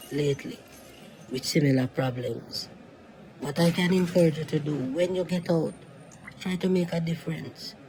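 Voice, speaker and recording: A man voicing a calm reformed thief inmate. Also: fairly high pitch, a little hiss or hum, low-quality recording. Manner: earnest, counseling, broken creole English. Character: reformed male thief, longtime prison inmate, calm advisor. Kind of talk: cartoon voice acting.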